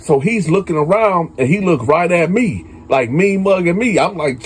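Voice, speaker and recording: A man's voice: sits high, lively intonation, a little slow, slightly rough. A man hosting a prison story channel, telling a story casually and talking straight to his viewers with lots of fillers. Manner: conversational, addresses viewers as y'all, many fillers. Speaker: storyteller host.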